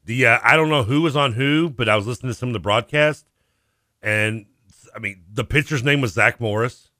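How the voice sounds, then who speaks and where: A man's voice: medium pitch, pushed and bright, dry recording, studio quality. A man co-hosting a sports radio show, joking and teasing his partner in casual banter. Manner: joking, teasing, quick to laugh. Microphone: studio microphone.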